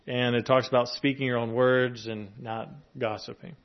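A man delivering a sermon in a loose, conversational way, moving between scripture readings and casual asides. His voice sits at a middle pitch, and the recording sounds a little dull. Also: little pitch movement, moderate pace. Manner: conversational preaching, with chuckles and fillers. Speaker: pastor.

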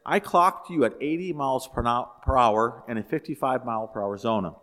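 A man's voice: mid-range voice, moderate pace, a bit bright, lightly acted. A man voicing a police officer in a joke, speaking formally and sternly. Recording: echoey hall.

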